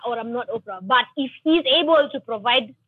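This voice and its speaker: A woman's voice: fairly high pitch, lively intonation, brisk, husky, narrow, tinny audio. A woman calling in as a guest on a casual podcast chat, blunt and outspoken, swearing freely. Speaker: guest on the phone.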